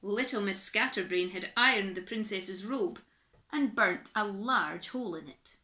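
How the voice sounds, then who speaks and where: A woman reading a children's picture book aloud in an animated, expressive way, recorded in an echoey room. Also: mid-range voice, unhurried. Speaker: storyteller.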